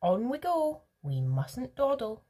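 A woman voicing an eccentric, excitable male chocolate maker in a storybook reading, brisk and rude with the other characters. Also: on the high side, breathy edge, voice pushed up, full character voice. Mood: excited. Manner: quick-witted, brisk and rude. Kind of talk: storybook read-aloud.

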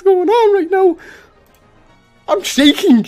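A high, lively woman's voice streams a game for viewers, easily tipping into excitable shrieks and giggles of disbelief. She talks at an unhurried pace over faint background music. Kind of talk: live stream commentary.

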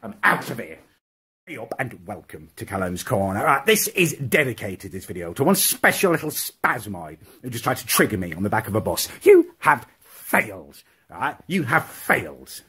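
Outraged man, wildly animated pitch. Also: fairly quick. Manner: indignant, swearing, voice climbs high when outraged. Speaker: comedy ranter. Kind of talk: comic rant monologue.

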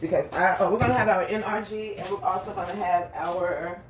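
A woman vlogging casually from her patio and home, chatty and quick to laugh at her own jokes, her voice slightly rough. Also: medium pitch, steady tone, noisy background. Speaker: lifestyle vlogger. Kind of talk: casual vlog chat to viewers. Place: home patio then indoors.

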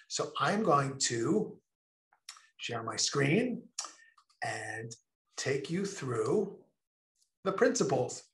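A man giving an enthusiastic online presentation, stressing key words slowly and deliberately. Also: medium pitch, a bit bright, roomy sound.

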